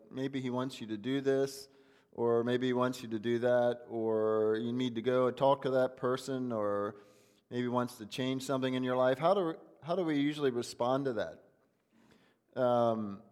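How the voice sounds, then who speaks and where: A man's voice: medium pitch, a little mellow, big-room sound. A man preaching a conversational sermon, asking the congregation many rhetorical questions. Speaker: pastor. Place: church.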